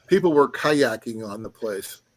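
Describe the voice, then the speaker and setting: A man's voice: mid-range voice, lively intonation, measured pace. A man co-hosting a casual podcast chat, rambling and laughing often. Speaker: co-host.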